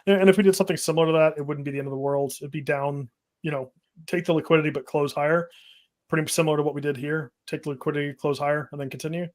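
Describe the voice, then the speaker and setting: Man, co-host, market commentary, matter-of-fact, slightly high. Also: steady tone, rapid-fire. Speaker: trading analyst co-host.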